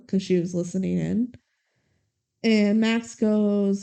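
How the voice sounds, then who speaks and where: A woman's voice: medium pitch, slow, smooth. Young woman acting out movie scenes. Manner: animated retelling, acts out lines. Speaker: podcast co-host. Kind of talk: casual movie recap chat.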